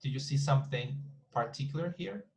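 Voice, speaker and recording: A man with a mid-range, darkish voice and vocal fry teaches English online, talking a little fast with lively intonation over a rough recording. He chats, repeats himself, and frequently checks in with the class through questions.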